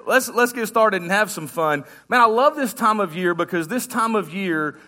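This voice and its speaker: High, bright-voiced joking man preaching. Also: lively intonation, moderate pace. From United States. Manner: joking, conversational preaching to a congregation. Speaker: guest pastor. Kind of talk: sermon. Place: church sanctuary.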